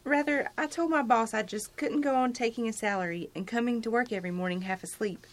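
An actress playing a sensible, wisecracking young roommate in a 1950s radio sitcom. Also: female voice, on the high side, brisk, close to an everyday voice. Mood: brisk.

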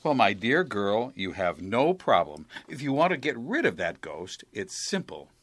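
A man's voice: lowish voice, very animated, measured pace, slightly rough, dry recording, exaggerated voice. A sarcastic, exasperated middle-aged lawyer. His voice swoops widely as he scolds, recorded dry and close in 1950s radio sitcom style. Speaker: boss.

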